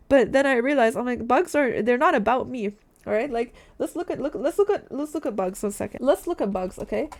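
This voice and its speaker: Young woman vlogger, twenties, a bit high-pitched, chatty and candid, swears a lot, calls viewers guys. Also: a little mellow. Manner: candid, swears often, heavy filler "like", addresses viewers as guys. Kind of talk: casual rambling monologue.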